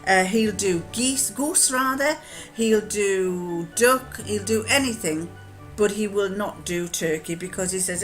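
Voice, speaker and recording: Doing a tag challenge on her vlog, an older woman rambles through anecdotes to camera, often restarting and saying um. She speaks at a medium pitch and measured pace over faint background music.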